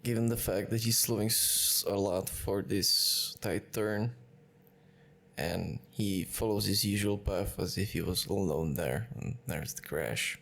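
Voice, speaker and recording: A man's voice: fairly low pitch, unhurried, gravelly, a bit bright. A man hosting a sim racing channel, breaking down race replays in an analytical way and often correcting himself mid-sentence. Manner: analytical, with frequent self-corrections. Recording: music bed under the voice.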